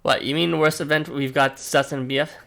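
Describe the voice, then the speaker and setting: A man's voice: a little high, fairly even intonation, brisk, creaky, sharp tone. A man reading through a story game and joking in casual, rambling asides. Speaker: let's-play host.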